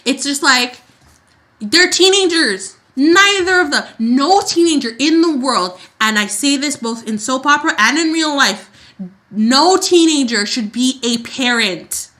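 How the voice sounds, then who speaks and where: Bright-voiced woman ranting about soaps. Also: high-pitched, a little slow. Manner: animated ranting with acted-out quotes. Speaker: podcast co-host. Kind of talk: casual soap opera recap chat.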